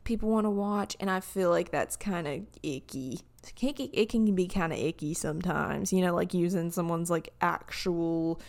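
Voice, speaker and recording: A young woman casually reading opinion posts aloud and reacting to them in a chatty, animated way, full of fillers and restarts. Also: fairly low pitch, normal speed, creaky, few pauses.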